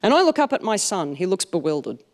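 A woman's voice: fairly low pitch, fast talker. Dry woman telling comic stories. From Australia. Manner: dry, self-mocking storytelling with deadpan punchlines. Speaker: stand-up comedian. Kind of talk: comic storytelling to a live audience.

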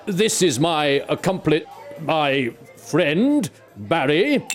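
A man playing a formal male demon of infinite darkness, made of snakes, who talks in a stiff, deadpan way. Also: a little high, extremely slow, faint music behind, full character voice.

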